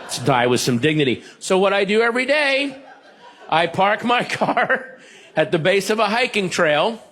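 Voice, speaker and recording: A man doing stand-up with a lively voice that swings widely in pitch and sits slightly high. His observations land in a wry, deadpan way. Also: moderate pace. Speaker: stand-up comedian. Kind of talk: stand-up comedy.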